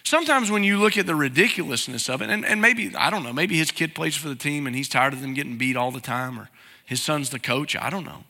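A man's voice: fairly high pitch, lively intonation, fast talker, bright, forceful tone, long reverb tail. A man, preaching a sermon as pastor and talking to the congregation with plain questions. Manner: conversational, asks the congregation questions.

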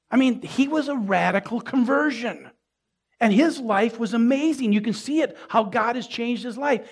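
A pastor delivering a sermon in a conversational way. He asks the congregation questions and builds to emphatic peaks. His voice is husky and sits a little high for a man. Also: unhurried. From Minnesota. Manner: conversational preaching with rising emphasis and asides to the congregation.

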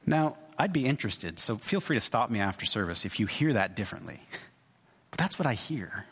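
A man giving a sermon as a pastor, in a conversational, halting way with many restarts and asides. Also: on the low side, very animated, fairly bright tone, breathy edge. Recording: long hall reverb.

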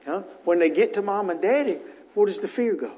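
A man preaching a sermon in church as minister, earnest and rambling, his voice going a little rough. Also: high voice, animated, brisk, dark tone, poor audio. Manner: earnest, rambling, repeats words as he restarts. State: voice getting rough.

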